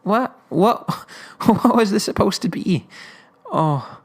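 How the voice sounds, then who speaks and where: A man's voice: sits high, animated, slow pace, slightly rough. A man hosting a podcast, casually talking through an episode with lots of fillers and laughs. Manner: rambling, laughing, many fillers. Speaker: podcast host reviewing episodes.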